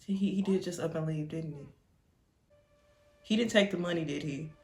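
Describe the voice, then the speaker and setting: A woman's voice: deep voice, moderate pace, faint music behind. A young woman hosting a reaction video, talking casually and exclaiming emotionally.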